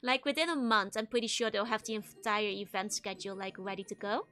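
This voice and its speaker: A woman's voice: on the high side, quick pace, few pauses, bright, forceful tone, faint music behind. A woman streamer in casual live-stream chat, answering viewer messages while she plays.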